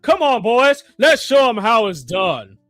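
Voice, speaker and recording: Guy doing a smug laughing market, mocking, high lively voice, dry sound. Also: a little slow, no room sound, faint music behind, heavily acted. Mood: gloating.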